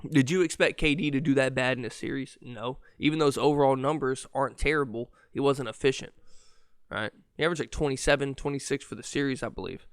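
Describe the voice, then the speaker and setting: A man hosting a solo podcast, ranting with profanity and exasperation, with a lisp and a stutter, his voice wearing hoarse. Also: mid-range voice, fast talker, dry recording, studio quality. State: voice going hoarse. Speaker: podcast host.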